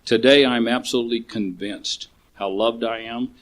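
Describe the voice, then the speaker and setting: A man's voice: medium pitch, fairly even intonation, moderate pace. Older man, plain voice, blunt and profane, telling his recovery story to a meeting.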